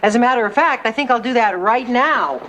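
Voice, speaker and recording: A woman's voice: fairly high pitch, a little fast, fairly bright tone, a little hiss or hum, close to an everyday voice. An actress playing a bubbly woman who coaxes a friend with eager dating advice in a sitcom. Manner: eager, coaxing. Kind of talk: sitcom acting.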